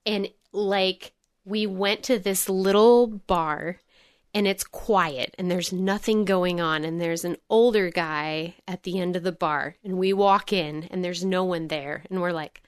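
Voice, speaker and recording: A woman's voice: on the low side, a little slow, smooth. An American woman, a young adult, telling a story in casual chat as a guest musician and acting out the quotes. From United States. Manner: lively storyteller, acts out quotes.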